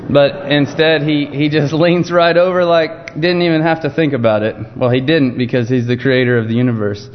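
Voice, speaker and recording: A man preaching an informal evening sermon, telling a Bible story in a relaxed, conversational way. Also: a little high, moderate pace, a little hiss or hum. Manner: conversational, storytelling with frequent restarts. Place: church sanctuary. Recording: dull muffled sound with long church reverb.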